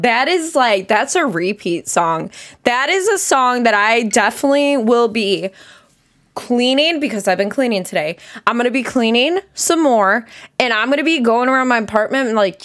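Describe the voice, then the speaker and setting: Young woman reacting to a song, smooth clear voice, cussing a lot and laughing, kinda high. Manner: profane, excitable, laughs often, drawn-out exclamations. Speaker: music reaction YouTuber. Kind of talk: casual reaction chat.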